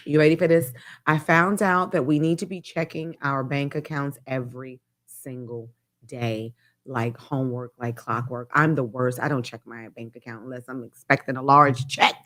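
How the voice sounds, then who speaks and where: A woman hosting a talk show, telling a story in a casual, chatty monologue with animated asides and swearing. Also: very deep voice.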